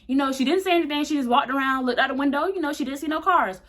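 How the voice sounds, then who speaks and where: Young woman, candid slangy storytime, fairly high voice. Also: very fast, a bit bright. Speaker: vlogger. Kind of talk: casual storytime.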